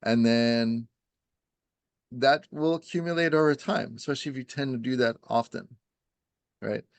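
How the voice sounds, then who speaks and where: A man's voice: mid-range voice, moderate pace, no echo. A man who practises Ayurveda, explaining in a rambling, casual way, full of "you know" and "right?" and little acted-out quotes.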